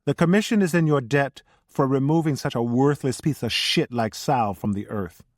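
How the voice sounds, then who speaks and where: A man doing a gruff Brooklyn mafioso. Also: mid-range voice, normal speed, dry recording, studio quality, pitched above the performer's own voice, lightly acted. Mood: contemptuous. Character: blunt male New York mafioso, cold and businesslike.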